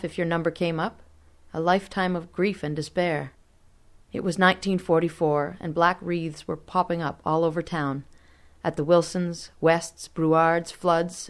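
A woman reading a story aloud in measured, expressive scripted narration. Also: on the low side.

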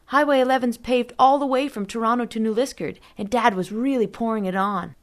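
A woman's voice: on the high side, a little fast, pitched above the performer's own voice, lightly acted. A woman voicing a restless young child who whines and pleads in a raised voice. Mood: eager. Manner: whiny, pleading.

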